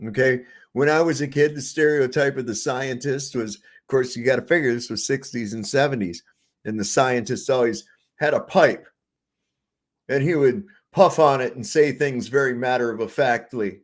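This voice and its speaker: A man's voice: medium pitch, moderate pace. A man in his sixties hosting casual commentary, sarcastic and cursing freely.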